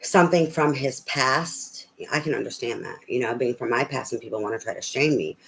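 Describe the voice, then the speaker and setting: A woman's voice: very deep voice, fairly quick, gravelly, fairly bright tone, a little hiss or hum, poor audio. A woman tarot reader on a live reading, talking bluntly and profanely in a rambling, ranting way with many fillers.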